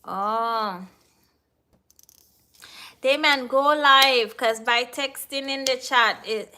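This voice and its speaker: A woman with a Jamaican accent hosts a relaxed live stream, chatting loosely with viewers in the chat. Her voice sits a little high and sounds bright and crisp, and she talks slowly without hurrying. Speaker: livestream host.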